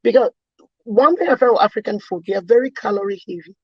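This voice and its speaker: A woman's voice: medium pitch, fast talker, husky, no room sound. A woman from Cameroon, a guest chatting earnestly and laughing easily on a video call. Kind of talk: casual chat on a video call. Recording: dull, lo-fi video call audio.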